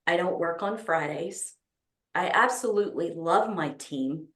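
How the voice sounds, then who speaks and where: A woman's voice: on the low side, measured pace, fairly bright tone, reverberant. A woman with a Texas accent hosting an online business summit, talking enthusiastically with many ums and restarts. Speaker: summit host. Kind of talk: opening remarks at an online summit.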